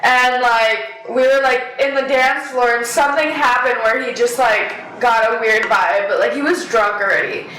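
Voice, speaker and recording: A young woman casually telling a story on a podcast, animated, swearing often and laughing. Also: fairly high pitch, moderate pace, few pauses, roomy sound, rough recording. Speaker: podcast co-host.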